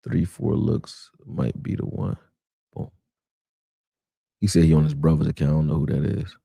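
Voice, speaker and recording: Gravelly-voiced man ranting on a livestream. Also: very deep voice, normal speed, dry recording. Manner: animated, argumentative, reads and answers chat. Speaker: livestream host breaking down football film. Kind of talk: casual live film breakdown.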